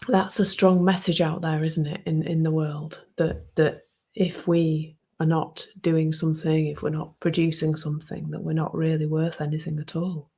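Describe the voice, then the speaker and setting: Gravelly, husky woman in her fifties. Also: sits low, level tone, measured pace. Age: 50s. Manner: soft-spoken and reflective, often dropping to a hushed near-whisper. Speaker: speaker sharing a personal reflection. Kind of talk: personal reflective talk.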